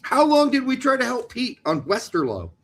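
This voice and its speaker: Animated joking man on a soccer podcast. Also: very high voice, moderate pace. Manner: joking, animated, teasing about pronunciations. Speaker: podcast co-host. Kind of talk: casual soccer chat.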